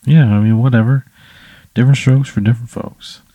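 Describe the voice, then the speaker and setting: A man in improvised comic banter, asking deadpan, incredulous questions. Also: medium pitch, fairly quick, slightly rough, dry recording.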